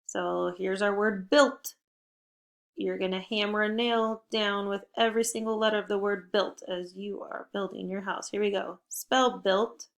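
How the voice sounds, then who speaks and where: A woman teaching a spelling lesson to young children, speaking slowly and clearly, upbeat and encouraging. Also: mid-range voice, flat delivery. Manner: slow, deliberate word-by-word modeling.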